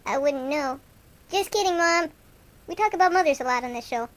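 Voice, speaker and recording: A woman's voice: sits high, animated, brisk. A woman hosting an improvised comic radio show, playing two goofy young male rock-fan buddies in rambling, self-mocking banter.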